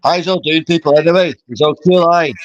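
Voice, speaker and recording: A man's voice: fairly high pitch, fairly even intonation, a little fast. A man in a casual voice chat, rambling, slangy and swearing a lot. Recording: dull garbled online call audio.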